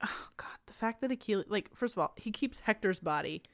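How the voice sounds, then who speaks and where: Animated young woman in casual book chat. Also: mid-range voice, dry recording. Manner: animated, emphatic, quick to laugh. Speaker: podcast co-host.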